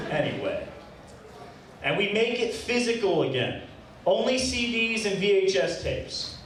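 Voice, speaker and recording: A young man with a fairly high voice works through a stand-up set, deadpan and self-deprecating, stumbling a little as the jokes land or don't. He is caught by a camera far from the stage, so the small room rings with echo and a light hiss of background noise sits under him. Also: moderate pace. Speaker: stand-up comedian. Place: small comedy venue, open mic. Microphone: handheld stage mic, recorded by a far camera. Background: faint room ambience.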